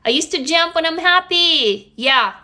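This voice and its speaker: Bright-voiced Russian-accented woman livestreaming. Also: very high voice, expressive, measured pace. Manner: chatty, swears casually, greets viewers. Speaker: livestream host. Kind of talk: casual live-stream chat. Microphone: phone.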